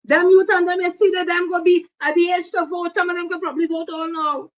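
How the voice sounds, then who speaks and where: A woman's voice: very high voice, flat delivery, quick pace, highs cut off. An older woman with a Trinidadian accent, hosting blunt, heated political commentary. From Trinidad and Tobago. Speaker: host.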